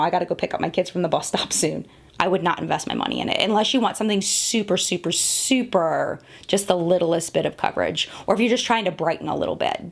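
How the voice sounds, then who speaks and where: A woman's voice: fairly low pitch, creaky. A woman in her thirties reviewing makeup in a casual, chatty way, often laughing at herself, talking to the camera at home. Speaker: beauty vlogger.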